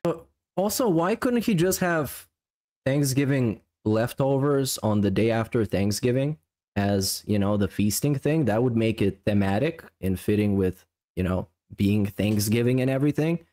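A man's voice: mid-range voice, expressive, normal speed, warm tone. A man co-hosting a podcast in casual chat, dismissive and critical. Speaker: podcast co-host.

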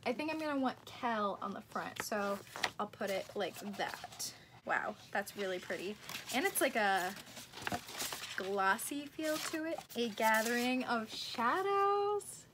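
A woman's voice: a little high, expressive, measured pace, background noise. A young woman chatting casually as she unboxes book merchandise, gushing and easily awed.

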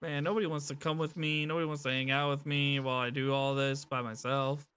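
A man's voice: on the high side, flat delivery, fast, a bit bright, smooth. A young man streaming a game, chatting casually and playfully as he plays. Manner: playful, rambling, sings silly ditties. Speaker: gaming streamer. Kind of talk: casual let's-play commentary.

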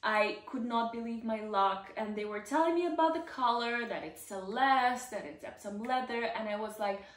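This is a woman vlogging in a casual, chatty storytelling voice that sits a little on the high side. She talks with excitement and scatters "like" through her sentences. The room around her gives the sound a noticeable echo. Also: normal speed, few pauses. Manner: chatty, excitable, many "like" fillers. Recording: roomy echo.

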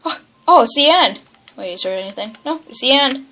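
A woman giving excited video game commentary, yelping, groaning and bickering as she plays. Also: sits high, brisk. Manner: excitable, yelps and groans, bickers with toy characters. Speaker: gaming channel host.

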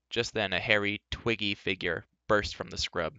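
A man reading a fantasy novel aloud, steady storytelling with the odd stumble over a word. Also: lowish voice, moderate pace, clear, resonant tone, no room sound, highs cut off. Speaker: reader.

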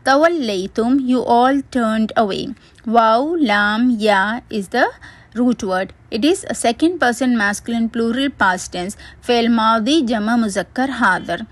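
Higher-voiced woman teaching grammar methodically. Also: normal speed, dry recording. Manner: methodical, spells out root letters and terms. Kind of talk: read word-by-word grammar lesson.

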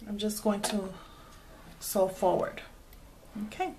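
A woman's voice: medium pitch, steady tone, slow pace, background noise. A woman hosting a craft tutorial, chatting casually as she explains each sewing step with frequent fillers.

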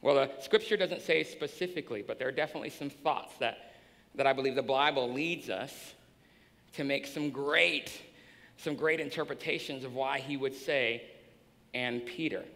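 A male pastor preaching a sermon in a church, swinging between hushed and shouting. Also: mid-range voice, normal speed. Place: church sanctuary. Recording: long hall reverb.

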